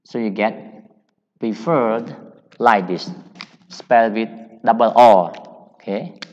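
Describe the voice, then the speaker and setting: A man with a Cambodian accent teaching English grammar, explaining slowly and repeating each point. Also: fairly low pitch, a little mellow. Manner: slow, repetitive, deliberate explaining. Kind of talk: grammar lecture. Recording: dull sound in a long-reverb hall.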